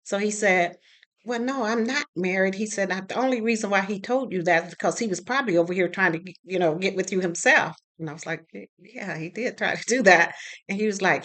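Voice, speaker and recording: A woman's voice: mid-range voice, fairly quick, fairly bright tone. A middle-aged woman telling a personal story in a casual, chatty way, acting out the other people's lines as she goes. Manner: chatty, with frequent fillers and asides. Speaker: storyteller sharing a personal experience.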